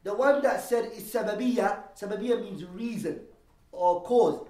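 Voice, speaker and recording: A man teaching a lesson on Islamic law, explaining terms and posing rhetorical questions, quickly reading Arabic texts and then translating them. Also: high-pitched, dark tone. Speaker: religious teacher. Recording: echoey room, voice from a distance.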